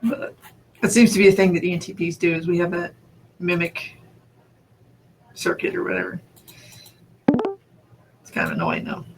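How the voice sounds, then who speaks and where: A man's voice: a little high, huge pitch swings, normal speed, long pauses, a little hiss or hum. A man from New Mexico in casual chat, thinking aloud and restarting his sentences, with the odd laugh. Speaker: conversation partner.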